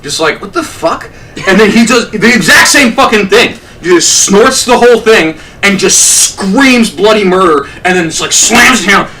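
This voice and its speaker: A man with a high, lively voice, telling a story on a podcast and laughing through it. His tone is bright and sharp, and he sounds a little distant from the mic with faint background noise. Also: moderate pace, few pauses. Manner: animated, swearing, laughing through stories. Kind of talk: casual storytelling chat.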